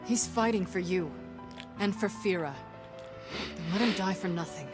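Brief: woman playing a tough curt warrior woman, lowish voice. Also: moderate pace, music in the background, natural voice. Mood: grim.

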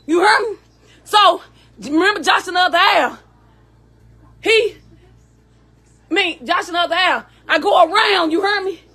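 A woman's voice: very high-pitched, moderate pace, pauses often, bright, forceful tone. A woman from the States, telling an emotional personal story and emphatically asking "you hear me?" as she goes. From Southern United States.

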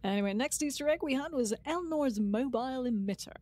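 A woman's voice: high-pitched, animated, a little fast, darkish tone. Chatty woman podcast co-host. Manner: chatty, rambling, repeats words. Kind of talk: casual podcast chat.

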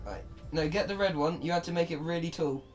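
A man's voice: on the high side, fairly quick, faint music behind. A man joking around and coaching a friend through a game, teasing and playful. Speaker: co-player. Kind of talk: casual let's-play banter.

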